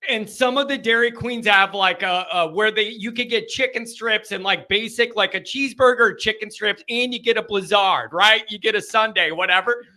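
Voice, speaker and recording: A man hosting a live college football call-in show, rambling and excitable with bursts of yelling. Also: sits high, normal speed, hardly any pauses.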